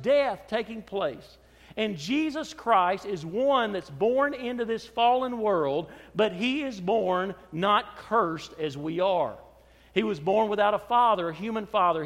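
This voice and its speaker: A man with a high voice preaches a sermon in a church, his voice trailing into a long reverb. He pushes some phrases out loudly for emphasis, then drops to soft, low asides. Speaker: pastor.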